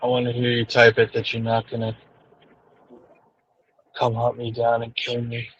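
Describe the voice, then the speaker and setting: Casting: husky, monotone man, sincere and measured, muffled stream audio. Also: medium pitch. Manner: earnest, apologetic, measured. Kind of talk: casual live stream chat.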